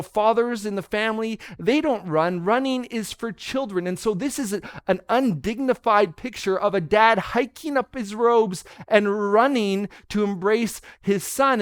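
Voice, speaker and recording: A man in his thirties giving a sermon as pastor, telling stories earnestly and dropping softer and slower for tender quoted words. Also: sits high, smooth, no room sound, studio quality. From Canada. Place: church.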